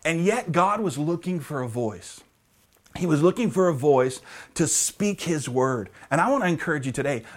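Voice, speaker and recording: A man preaching a sermon as pastor, emphatic, repeating key phrases and often asking the congregation "right?", slowing down to stress key lines. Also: on the high side. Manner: slows down for emphasis.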